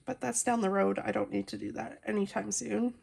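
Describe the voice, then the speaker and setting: A woman's voice: medium pitch, steady tone, a little fast, creaky, a little mellow, husky. A woman vlogging casually from home as she colors, chatting and rambling with lots of fillers, recorded on a phone. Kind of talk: casual chat while coloring. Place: at home, family nearby.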